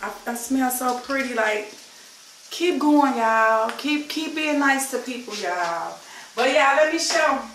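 A woman's voice: high-pitched, expressive, takes it slowly, a bit bright, distant mic, a little hiss or hum. A woman in her fifties with a Chicago accent, chatting effusively to camera as a vlogger and calling her viewers y'all. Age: 50s. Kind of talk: casual chat to camera. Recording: echoey room, voice from off-mic.

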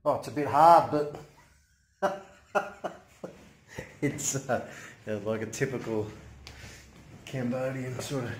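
A man with an Australian accent, chatting casually as he films a travel vlog, relaxed and easygoing. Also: medium pitch, takes it slowly, long pauses, slight background noise. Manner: laid-back, chatty, says "mate" and "no worries". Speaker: travel vlogger. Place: outdoors in a moving tuk-tuk, street traffic.

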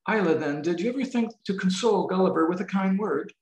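A man's voice: high voice, lively intonation, fast talker, darkish tone, voice pushed up. A man reading aloud voices an outspoken young woman who speaks up with rising indignation. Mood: defiant. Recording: roomy video-call audio.

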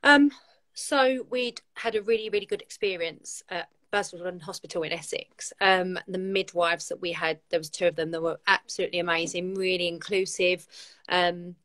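A woman's voice: lowish voice, steady tone, moderate pace, a bit bright. A woman, a guest on a live video chat, telling her own story in a candid, heartfelt way. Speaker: guest, community founder.

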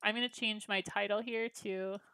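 A woman's voice: mid-range voice, fairly even intonation, normal speed, pushed and bright, clean tone, dry recording. A woman hosting a gaming livestream, chatting casually and bubbly with her viewers. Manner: bubbly, chatty, reacting to chat.

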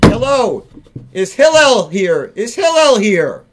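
A man's voice: extremely high pitch, lively intonation, measured pace, heavy background noise, pitched above the performer's own voice. A man voicing a foolish, pestering man who keeps repeating his demands and later turns furious. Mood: insistent. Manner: insistent, repeats himself.

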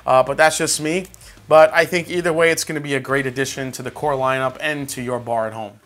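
Bright-voiced man reviewing whiskey. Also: mid-range voice, a little fast. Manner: relaxed, tasting between remarks. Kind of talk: casual review vlog.

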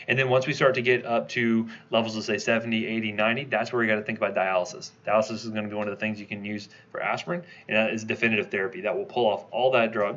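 A man giving a conversational lecture, quizzing his class with quick questions as he teaches. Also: fairly low pitch, a bit bright, muffled recording. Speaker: toxicology lecturer.

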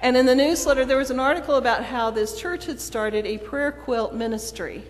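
A woman's voice: high voice, a little fast. A woman preacher delivering a sermon in a storytelling manner, acting out the quoted dialogue. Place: church sanctuary. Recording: long church reverb.

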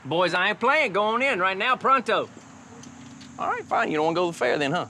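A man playing a gentle, encouraging father who coaxes his son along with folksy talk, in a film drama. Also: high voice, expressive, brisk, slight background noise, heavily acted. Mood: joking. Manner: folksy, coaxing pep talk. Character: gentle, encouraging working-class Southern dad.

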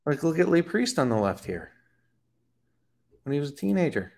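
A man's voice: a little high, big pitch swings, moderate pace, vocal fry, darkish tone. A man giving casual fitness commentary from home, blunt and profane, breaking into sarcastic mocking asides. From Florida. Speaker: fitness coach. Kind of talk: casual talking-head commentary.

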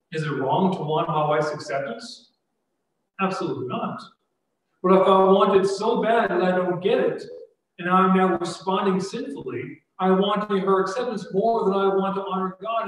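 A man in his forties preaching a sermon, earnest and conversational, full of rhetorical questions. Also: high voice. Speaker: pastor. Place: church sanctuary. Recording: echoey church hall, mic heard from a distance.

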